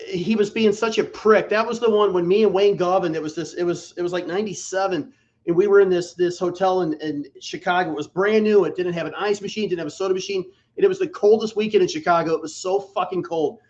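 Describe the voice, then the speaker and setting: A man telling a story in casual chat, animated and profane. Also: high voice, fast talker, dull audio.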